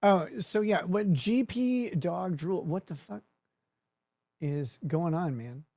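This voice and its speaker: A man's voice: sits high, takes it slowly, warm tone, slight background noise. A man hosting a livestream, giving crude, mocking commentary and laughing at his own jokes. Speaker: livestream host.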